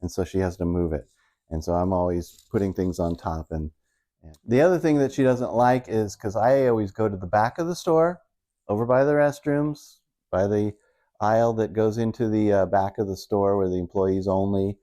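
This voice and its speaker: A man's voice: lowish voice, normal speed, mellow. A middle-aged man doing casual stand-up storytelling, rambling and self-mocking as he retells everyday married life. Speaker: stand-up comedian.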